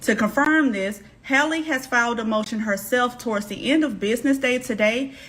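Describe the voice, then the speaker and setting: A woman with a somewhat high voice recapping news in a direct, brisk way. She speaks straight to her viewers and calls them y'all. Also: a bit bright.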